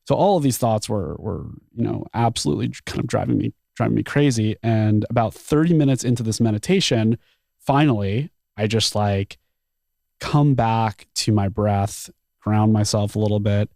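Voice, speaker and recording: Low gravelly-voiced man telling a story. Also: normal speed, no room sound, studio quality. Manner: animated, frequent "like" fillers, acts out his own thoughts. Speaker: podcast guest. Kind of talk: casual storytelling.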